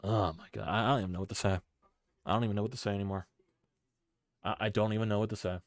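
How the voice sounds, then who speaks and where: Male stream host, deep and gravelly, venting angry disbelief into a dry close mic. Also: fairly even intonation, rapid-fire, no room sound. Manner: angry, swearing, repeating himself. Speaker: sports channel host. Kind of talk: live reaction stream.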